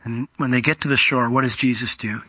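A man's voice: medium pitch, steady tone, brisk, pushed and bright, husky, no room sound. A man preaching a sermon in a conversational, storytelling way, briefly acting out the voices of Bible characters. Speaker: pastor.

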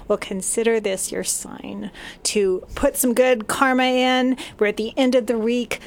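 A woman's voice: a little high, steady tone, a little slow. A female radio guest making a playful, pleading appeal to listeners. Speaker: studio guest.

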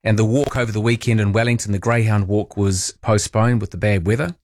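Chatty New Zealand radio host, dry studio. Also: male voice, fairly low pitch, fairly even intonation, a little fast, no echo. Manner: chatty, rambling, searching for words. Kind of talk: late-night talkback radio chat.

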